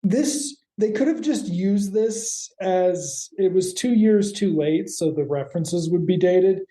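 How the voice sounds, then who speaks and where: Woman, podcast co-host, very mellow low voice, dry wit, echoey room. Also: slow. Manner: wry, deadpan retelling. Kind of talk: casual episode recap.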